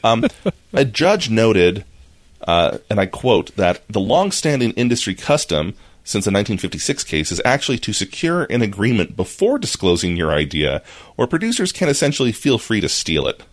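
A man with a low voice co-hosting a casual podcast. He reads out news stories in a relaxed way, with a few ums along the way. The sound is dry and close. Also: moderate pace, no room sound. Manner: relaxed, reads out headlines with fillers. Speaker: podcast co-host. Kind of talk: casual chat, reading news items.

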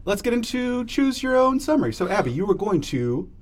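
A man's voice: high-pitched, sing-song, brisk. A man hosting a book podcast, joking wryly and running the segments in a casual way. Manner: wry, jokey, reads out segment options. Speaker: podcast host. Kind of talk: casual chat.

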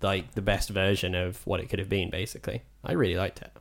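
A man's voice: low voice, flat delivery, quick pace, gravelly. A man co-hosting a podcast, chatting casually and swearing now and then. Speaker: podcast co-host. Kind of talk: casual chat.

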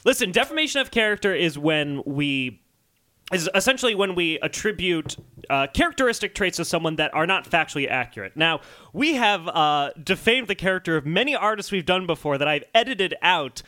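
Lively bright-voiced male podcast host. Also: sits high, brisk. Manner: joking, animated, laughs often. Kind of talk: casual comedic chat.

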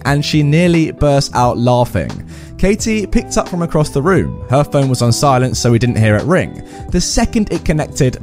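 A man reading online stories aloud and commenting on them in a chatty manner. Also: a little high. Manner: acts out quoted voices, chatty asides. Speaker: story reader and commentator.

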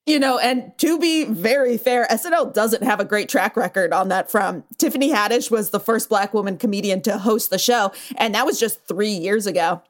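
A woman's voice: mid-range voice, moderate pace, hardly any pauses. A woman hosting an entertainment news show, recapping stories in a casual, chatty way and laughing often. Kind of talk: casual chat.

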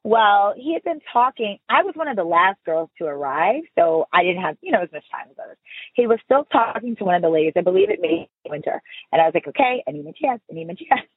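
A woman telling stories in a casual interview, her voice swooping up and down as she gets animated and laughs often. The sound is narrow and phone-like, and her tone has a slight breathy huskiness. Her voice is dry and close, with no room echo. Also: fairly low pitch, quick pace. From Houston, Texas. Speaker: podcast guest. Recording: phone-like remote call audio.

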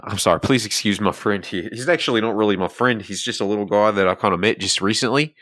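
A man's voice: on the low side, fast, fairly bright tone, no echo, studio quality. A man playing his character in a tabletop game, blunt and wry. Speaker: player.

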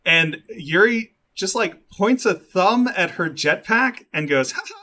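A man's voice: high-pitched, lively intonation, unhurried, sharp tone. Wry, swearing man reading his notes. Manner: wry, profane, reads his notes aloud. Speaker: podcast co-host. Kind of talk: casual chat recapping an anime episode.

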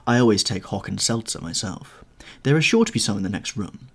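A man voicing a languid, petulant young gentleman in an audiobook, airy in manner with sudden high lilts. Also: expressive, a little fast, husky. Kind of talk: audiobook character reading.

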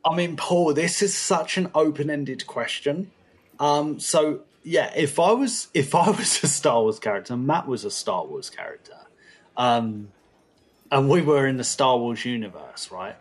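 A man, co-hosting a relaxed podcast chat. His voice is a little husky and sits at a middle pitch. He rambles in a laid-back way with plenty of "you know" fillers. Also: unhurried. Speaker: podcast co-host. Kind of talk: casual chat.

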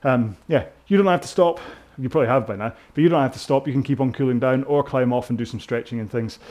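A British man with a British English accent coaches a row-along workout as a rowing instructor, talking casually and rambling in a self-mocking way. His mid-range voice is a little mellow and quick-paced.

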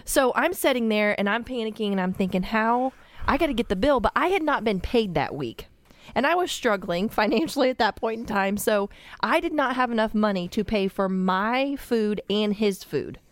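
A woman guest on a podcast tells a story casually and giggles her way through it. Her pitch sits in the middle but swings widely as she talks. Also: lively intonation, moderate pace, dry recording. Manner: giggly, often breaking into laughter mid-story.

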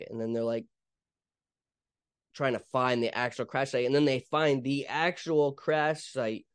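In a loose storytelling monologue, a young podcast host rambles through an event, filling it with fillers and false starts. His mid-range voice is smooth with fairly even intonation at a normal speed, and there's no echo.

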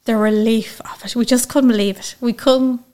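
A woman with an Irish accent, a guest telling a personal story in a lively, chatty way. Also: on the high side, moderate pace. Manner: chatty, lively, acts out quoted speech. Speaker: interview guest.

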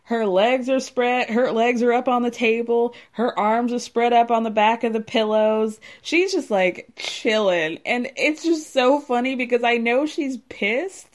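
A woman recapping a reality show in casual chat, animated and laughing often as she acts out quotes. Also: a little high, unhurried.

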